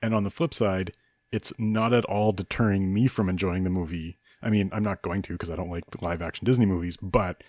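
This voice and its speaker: A man's voice: low voice, steady tone, brisk, a little mellow, no echo. A man from Saskatchewan co-hosting a podcast, thinking aloud in an earnest, casual way. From Saskatchewan, Canada. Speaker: podcast co-host. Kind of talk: casual discussion.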